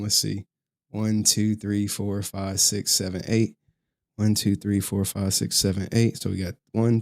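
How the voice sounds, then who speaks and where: A male streamer in a casual, profane rant to his viewers, slangy and often laughing. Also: fairly low pitch.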